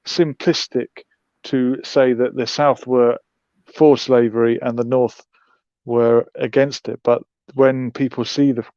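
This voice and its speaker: A man's voice: mid-range voice, level tone, slow, darkish tone, no echo, highs cut off. A man hosting a livestream, musing with wry, sarcastic commentary. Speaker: host.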